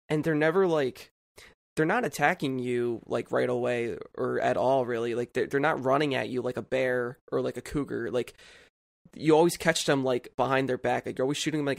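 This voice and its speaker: A man's voice: medium pitch, gravelly, dry recording, clean studio sound. A man co-hosting a podcast, telling a long, rambling story in casual chat, packed with "like" fillers. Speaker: podcast co-host.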